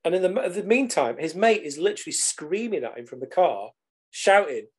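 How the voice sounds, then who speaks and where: Middle-aged man, podcast guest, lively and casual, slightly high pitch. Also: normal speed, husky. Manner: animated, casual swearing. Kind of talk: storytelling in conversation.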